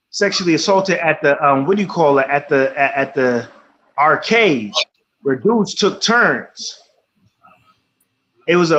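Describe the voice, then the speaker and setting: A man's voice: fairly high pitch, fairly bright tone. A man hosting a casual radio talk show, speaking bluntly with plenty of swearing and frequent checks of "you know what I'm saying". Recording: slightly muffled, faint background noise.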